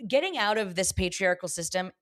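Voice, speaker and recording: A woman's voice: fairly low pitch, brisk. Valley girl woman chatting candidly. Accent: Southern California Valley girl. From Los Angeles. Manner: candid, animated, laughs often, restarts sentences. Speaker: podcast guest, comedian. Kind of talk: casual podcast chat.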